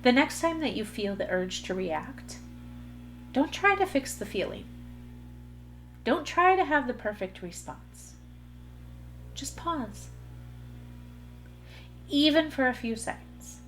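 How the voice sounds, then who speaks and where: A woman's voice: high-pitched, sing-song, slow pace, long pauses, fairly bright tone, soft background music. A woman hosting a solo podcast, talking earnestly in a coaching way straight to her listeners. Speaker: podcast host. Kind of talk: solo motivational podcast talk.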